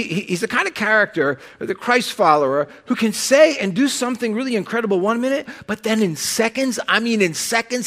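A man preaching a sermon as pastor, conversational and animated, with sudden loud bursts and quiet drops. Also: high voice.

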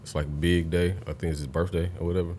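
A young man in casual podcast chat, telling stories full of swearing and breaking into loud laughter. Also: low voice, flat delivery, fast talker, a little hiss or hum. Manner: profane storytelling, bursts into loud laughter.

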